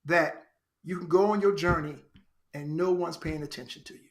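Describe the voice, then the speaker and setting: Man, podcast guest, from Chicago, high voice, reflective storytelling, repeats key phrases. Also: normal speed. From Chicago, United States. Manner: earnest, animated storyteller who repeats phrases for emphasis. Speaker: podcast guest, actor and writer.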